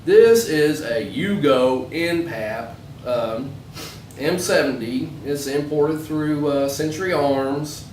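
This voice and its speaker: A man's voice: a little high, takes it slowly, a little mellow. Rambling man, echoey and distant. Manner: rambling, storytelling with acted quotes. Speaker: gun show co-host. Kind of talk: casual chat. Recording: echoey, from far off, faint noise.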